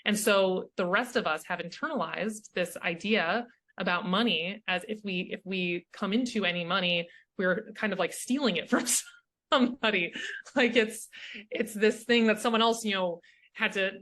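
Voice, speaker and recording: A woman's voice: lowish voice, moderate pace, fairly bright tone. A woman speaking as a coach and interview guest in a casual chat, earnest and reflective, often checking in with the listener.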